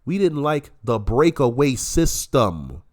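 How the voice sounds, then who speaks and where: A man's voice: medium pitch, very animated, slow. A man giving heated, profane reaction commentary, his voice nasal and congested from illness. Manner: profane, combative ranting.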